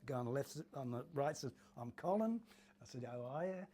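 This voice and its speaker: A man's voice: medium pitch, expressive, fast talker, dark tone. An older man from Cornwall, a former footballer, chatting through his memories in an interview and acting out the voices of old teammates. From Cornwall, England. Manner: chatty, laughing, acts out voices in his stories. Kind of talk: anecdotal interview storytelling.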